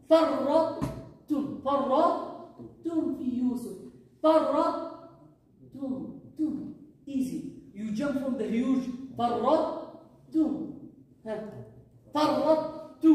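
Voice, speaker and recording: A woman with a fairly high, warm voice runs a Quran recitation lesson, patiently going over the rules and drilling Arabic phrases aloud. She often asks "huh?" to check her students are following. The recording catches her from a distance in a very echoey room.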